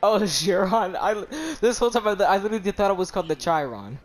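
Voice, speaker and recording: Young dude gaming with friends, high voice, keeps cracking up and squealing. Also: male voice, fast talker. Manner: laughs constantly, shrieks in excitement. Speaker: gaming streamer. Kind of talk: excited gaming chat with friends.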